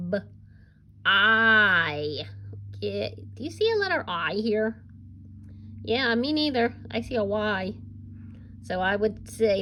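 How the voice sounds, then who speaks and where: A woman's voice: medium pitch, slight background noise. A woman teaching a recorded reading lesson to young children, upbeat and encouraging with a sing-song teacher voice. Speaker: kindergarten teacher.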